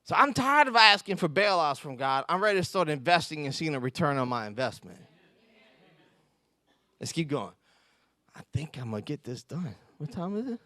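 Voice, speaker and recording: A man giving a conversational sermon as pastor, telling stories with self-mocking humor and quick laughs. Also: a little high, big pitch swings, pushed and bright, no echo.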